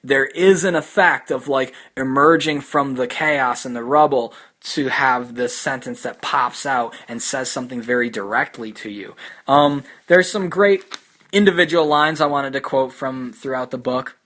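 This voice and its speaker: A young man talks through poems in a loose, thoughtful way, full of fillers and restarts. His voice is bright and clear, and he slows down to read lines aloud. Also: medium pitch. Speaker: podcast host discussing poetry. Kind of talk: casual spoken commentary with poetry readings.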